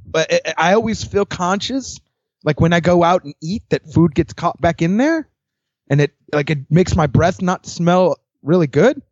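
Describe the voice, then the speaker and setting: A young man, a podcast guest, telling his dating stories in casual chat, candid and quick to laugh, swearing freely. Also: high voice, expressive, no room sound. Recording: dry, dull lo-fi sound.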